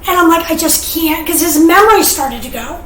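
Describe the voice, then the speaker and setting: A woman giving an earnest, emotional personal testimony as a podcast guest, animated and sometimes tearful. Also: very high voice, brisk. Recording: roomy, distant mic, faint noise.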